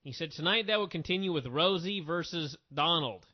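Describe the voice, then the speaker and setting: A man hosting a wrestling review podcast, talking in an opinionated, animated way with quick asides. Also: on the high side. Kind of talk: casual review chat. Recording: dull lo-fi audio.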